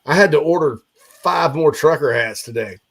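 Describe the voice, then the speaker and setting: A man's voice: on the high side, normal speed, gravelly. A man hosting a sports talk show, rambling casually with lots of fillers and restarts.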